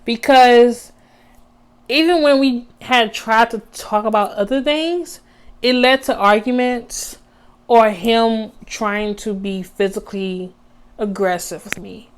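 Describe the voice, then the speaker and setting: A woman's voice: on the high side, slow, clear, resonant tone. Young woman, storytime vlogger, casual and slangy, talks right to viewers. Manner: chatty, heavy use of "like" and slang, addresses viewers as y'all.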